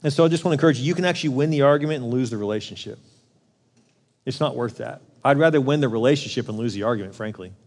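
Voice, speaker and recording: Pastor preaching in a big reverberant hall. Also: male voice, medium pitch, racing, a little mellow. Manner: conversational, acts out quoted voices. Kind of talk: sermon.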